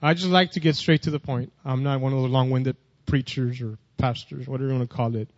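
A man's voice: medium pitch, steady tone, fast talker, no echo, dull audio. A man preaching a sermon. He reads scripture and then talks plainly, repeating and restarting phrases, and his voice rises when he reads verses.

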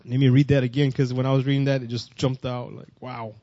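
A man's voice: medium pitch, little pitch movement, fairly quick, mellow, no echo, muffled recording. A man preaching a sermon. He reads scripture and then talks plainly, repeating and restarting phrases, and his voice rises when he reads verses.

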